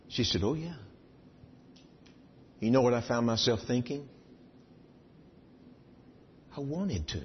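A man preaching a sermon, telling a personal story with lively swings between loud excitement and hushed asides. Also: medium pitch, takes it slowly, pauses often, a little hiss or hum. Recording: dull sound in a large reverberant hall.

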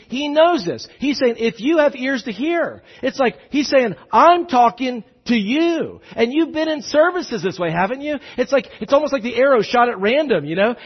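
A pastor delivers a sermon in a high, husky man's voice. He tells stories with lots of restarts and swings between loud and hushed passages. The sound is a little dull and lo-fi. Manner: animated storytelling with many restarts, shifting between loud and hushed.

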